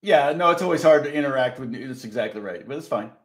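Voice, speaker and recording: A man's voice: medium pitch, lively intonation, fast talker. Chatty man teaching guitar on a live stream. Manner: rambling and self-correcting, chatty. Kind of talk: live-streamed guitar lesson with chat questions. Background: guitar playing.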